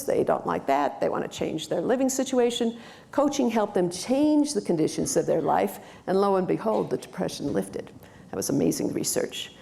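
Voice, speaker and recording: A woman speaker giving a brisk, instructive, upbeat presentation at a conference. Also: fairly low pitch, vocal fry, a little mellow. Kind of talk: presentation talk. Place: conference in Aspen, Colorado.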